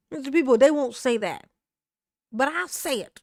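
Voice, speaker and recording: A woman's voice: high voice, animated, moderate pace, creaky, a little mellow, dry recording, studio quality. A woman hosting casual online commentary, chatty and slangy, laughing often and talking back to what she watches.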